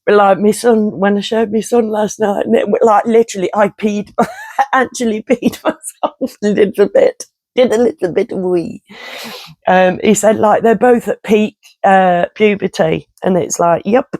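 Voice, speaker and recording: A woman talks straight to her viewers in a blunt, sweary, chatty rant. Her voice has a gravelly edge and sits at a middling pitch. The sound is dry and close, with no room echo. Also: steady tone, moderate pace, darkish tone. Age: 50s. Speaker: vlogger. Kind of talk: casual rant to camera.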